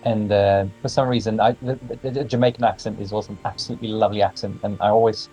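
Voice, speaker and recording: A man's voice: fairly low pitch, steady tone, quick pace, dark tone, faint music behind, low-quality recording. A man from Sweden, chatting eagerly as a guest on a gaming stream and often restarting his words. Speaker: game composer, guest. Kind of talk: casual chat over a game session.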